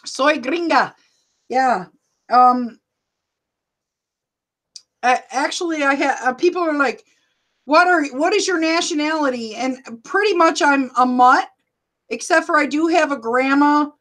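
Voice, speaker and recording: A middle-aged woman hosting a casual livestream, loud and laughing often as she reads viewer comments. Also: high-pitched. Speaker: livestream host and rideshare driver.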